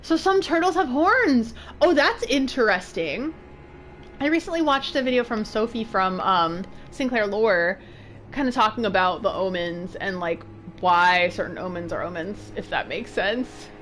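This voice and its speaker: A woman's voice: medium pitch, expressive, unhurried, a bit bright, slight background noise. A woman streamer giving casual, chatty commentary while she plays a game. She giggles often and yelps when she gets stressed.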